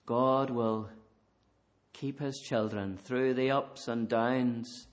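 A man preaching a sermon in a church, swinging between fervent emphasis and quiet intensity. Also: mid-range voice, fairly even intonation, takes it slowly.

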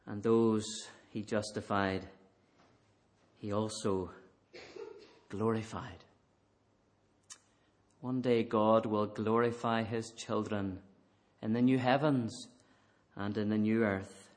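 A man preaching a sermon in a church, swinging between fervent emphasis and quiet intensity. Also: lowish voice, level tone, takes it slowly, pauses often.

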